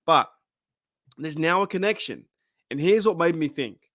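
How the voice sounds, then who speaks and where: Speaking at a measured pace with lively intonation, an Australian man with a fairly high, slightly bright voice hosts his fan channel, chatting loosely and asking viewers questions. The recording is dry, with clean studio sound.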